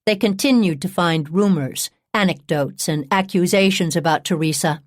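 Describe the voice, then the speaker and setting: A woman with a fairly low voice narrates a true-crime audiobook at a measured, even pace. The recording is dry and close, with no room sound. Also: dry recording.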